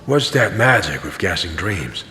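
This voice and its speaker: A man's voice: sits low, sing-song, bright, forceful tone, a little hiss or hum, exaggerated voice. A man narrating an audio drama as a tired, cynical wandering pilgrim. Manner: dry, tired, slow narration. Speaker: narrator and main character.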